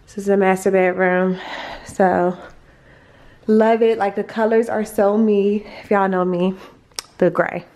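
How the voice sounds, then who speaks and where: A woman's voice: medium pitch, steady tone, unhurried, long pauses, a little mellow. A young woman giving a casual, gushing tour of her family's new empty house, recorded on a handheld phone, talking with lots of fillers and a little out of breath as she walks room to room. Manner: chatty, gushing, full of fillers. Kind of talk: casual home tour vlog.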